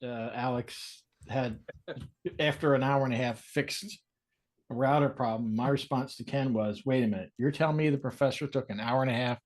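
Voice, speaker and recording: A man's voice: mid-range voice, moderate pace. Man teasing dryly as a guest. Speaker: guest on the stream. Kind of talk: casual chat.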